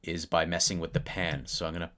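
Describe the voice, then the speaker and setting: A man's voice: sits low, level tone, fast, pushed and bright. A man casually talking through a music production tutorial at his computer, thinking aloud with fillers. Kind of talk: casual screen-recorded tutorial. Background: keyboard clicks and typing.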